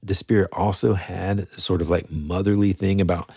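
A man's voice: sits low, fairly even intonation, moderate pace, mellow, slightly rough, no room sound, clean studio sound. A man co-hosting a podcast in casual chat, musing hesitantly with lots of fillers. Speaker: podcast co-host.

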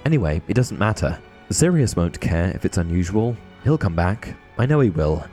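A man's voice: low-pitched, big pitch swings, normal speed, dark tone, faint music behind. A man voicing an angry, grieving teenage boy wizard who talks urgently and raises his voice.

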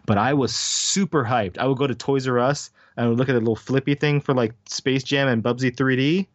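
Brief: male podcast host, jokey and quick to laugh, dry and slightly muffled recording. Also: medium pitch, steady tone, no room sound. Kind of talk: casual chat.

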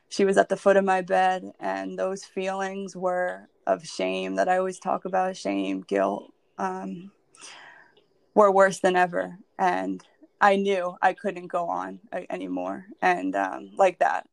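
Candid woman with a flat voice. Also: mid-range voice, vocal fry, dry recording. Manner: candid and emotional, heavy with "like" and "um" fillers. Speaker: podcast guest. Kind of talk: personal storytelling.

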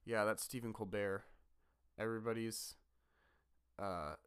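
A man's voice: on the low side, steady tone, unhurried, a bit bright, clean tone, no echo, clean studio sound. A man co-hosting a podcast in casual chat, talking in a rambling, easygoing way full of fillers. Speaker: podcast co-host. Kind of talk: casual chat about a fantasy book.

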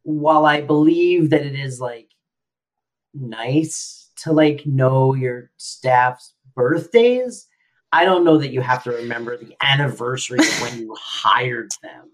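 A woman co-hosting a podcast in casual chat, rambling with lots of fillers and trailing off into soft mutters. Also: very deep voice, slow. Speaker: podcast co-host.

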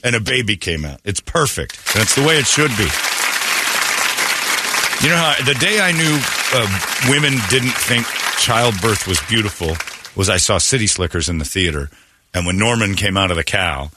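A man's voice: fairly low pitch, expressive, moderate pace, a loud crowd, heavy background noise. A man hosting a comedy talk show, telling crude, exaggerated stories and putting on mocking voices. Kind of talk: comedic banter.

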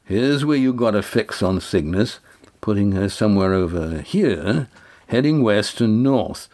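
A man voicing a calm boat owner who explains a course in a measured way. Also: on the low side. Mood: explaining. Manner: measured, instructive. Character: steady older male boat owner, matter-of-fact. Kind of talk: audiobook character voice.

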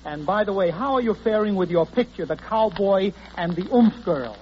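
A man doing quick, flustered, excitable comic patter as a guest on a 1940s radio comedy show, on a theater stage. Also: sits high, slight background noise. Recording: dull old radio broadcast with music.

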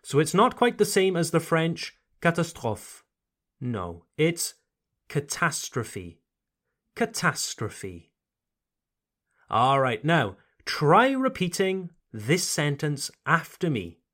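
A man teaching English pronunciation on a podcast, speaking slowly and carefully over-articulating words, with short French phrases mixed in. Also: a little high, big pitch swings, fairly bright tone.

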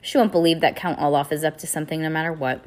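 A woman's voice: low-pitched, steady tone, quick pace, close to an everyday voice. A woman reading aloud, voicing a firm, matter-of-fact bookish boy.

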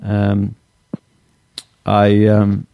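A man's voice: on the low side, completely flat delivery, drawn-out words, creaky, clear, resonant tone, no room sound, highs cut off. A man hosting a casual chat podcast, rambling hesitantly and mocking himself. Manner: hesitant, lots of fillers and restarts, self-mocking. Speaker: podcast host.

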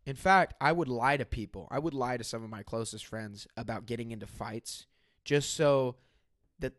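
A young man speaks in a casual chat. He talks emphatically and leans on "like" fillers. His voice sits at a middle pitch, and the recording is close and dry, with no room sound. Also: normal speed, fairly bright tone, no echo. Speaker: guest telling a story.

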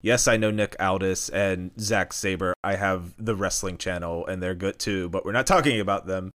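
A man's voice: sits low, normal speed, fairly bright tone. Playful male podcast host. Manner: playful, laughs often. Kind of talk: comedic podcast chat.

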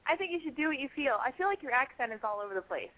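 A woman hosting a call-in show with a fairly high voice. She talks in a blunt, joking, rambling way. The sound is narrow and phone-like. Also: sing-song, racing. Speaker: host taking calls. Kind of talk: casual call-in chat.

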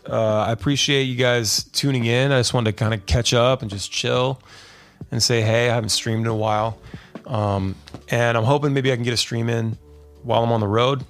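A man's voice: medium pitch, fairly even intonation, moderate pace. A man hosting his podcast stream in a laid-back, rambling chat, dropping fillers and calling listeners "dude". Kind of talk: casual live-stream chat.

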